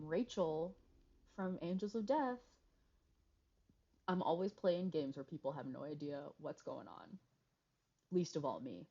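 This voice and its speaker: A woman's voice: lowish voice, dark tone. A young woman reading a visual novel aloud on a stream, cutting in with joking, swearing asides, heard over a dull, noisy home mic. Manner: joking, swearing asides between read lines. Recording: dull lo-fi mic with background noise.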